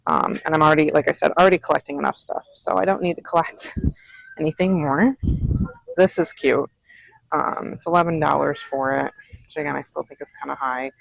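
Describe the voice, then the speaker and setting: Chatty vocal-fry thrift vlogger. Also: mid-range voice, a little fast, fairly bright tone, no room sound, low-quality recording. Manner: chatty, giggly, musing aloud over prices. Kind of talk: casual shopping vlog chat. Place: thrift store, indoors.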